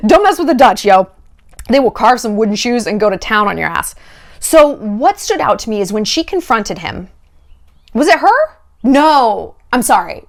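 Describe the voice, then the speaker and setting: A woman vlogger breaks down dating red flags in casual commentary. Her voice sits a little high and swings widely in pitch. She is sarcastic and profane, and often slips into mock voices for the people she quotes. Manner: animated, sarcastic, swears freely.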